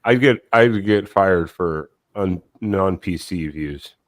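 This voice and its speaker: A man's voice: deep voice, takes it slowly, no echo, clean studio sound. A man co-hosting a casual late-night livestream from home, talking loosely and teasing his friends. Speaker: co-host of a live stream. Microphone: desktop microphone.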